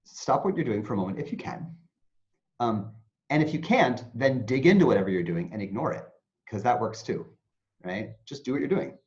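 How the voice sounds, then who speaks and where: A man, an interview guest who teaches mindfulness, explaining in an animated way and acting out anxious inner voices. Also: mid-range voice, moderate pace. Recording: dull lo-fi sound.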